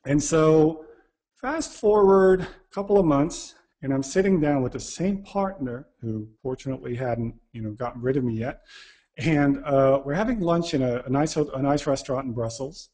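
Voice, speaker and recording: Man, storytelling talk, self-deprecating, acts out dialogue, mid pitch. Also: moderate pace, mellow. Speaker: speaker.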